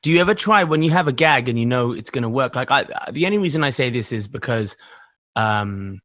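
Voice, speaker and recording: A man's voice: mid-range voice, lively intonation, brisk, fairly bright tone, no room sound. A man hosting a podcast, asking long, winding questions with many restarts. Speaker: podcast host. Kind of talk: casual podcast conversation.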